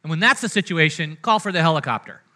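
A man preaching a sermon in a casual, conversational way, often checking in with the congregation and moving between loud, energetic lines and hushed ones. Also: fairly high pitch, fast. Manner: conversational preaching, frequent "right?" and "amen?" asides to the congregation. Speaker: pastor.

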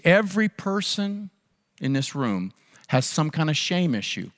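A man, a pastor, preaching a sermon and telling a personal story earnestly, repeating phrases for emphasis. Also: mid-range voice. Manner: earnest, repetitive emphasis, frequent restarts. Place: church sanctuary. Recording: long reverb of a large hall.

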